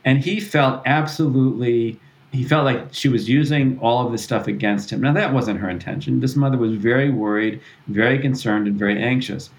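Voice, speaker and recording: A man's voice: medium pitch, normal speed, poor audio. A man answering interview questions as a parenting author, earnest and explanatory, often restarting his sentences. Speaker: author and parenting expert guest.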